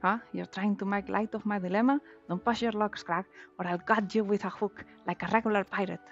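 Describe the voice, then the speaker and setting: A woman voicing a brash, foul-mouthed female pirate captain from a video game, with a gruff put-on pirate accent and rolled R's. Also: medium pitch, fairly even intonation, brisk, muffled recording, soft background music, natural voice. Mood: threatening. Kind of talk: reading game dialogue aloud in voices.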